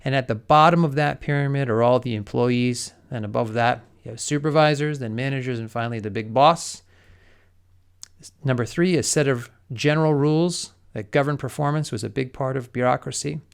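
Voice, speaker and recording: A man's voice: medium pitch, a little fast, vocal fry, clear, resonant tone. A middle-aged man giving an explanatory lecture, working methodically through numbered points with everyday examples.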